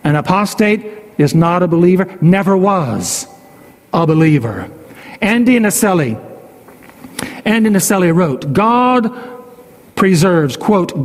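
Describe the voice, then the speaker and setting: High-voiced emphatic preacher in reverb. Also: male voice. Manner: emphatic, repeats key phrases, voice rises and falls widely. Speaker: pastor. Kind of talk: sermon.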